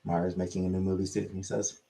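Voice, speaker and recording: A man's voice: low voice, little pitch movement, fast talker, creaky, mellow. A man hosting a casual comedic monologue, crude and irreverent, rambling between jokes.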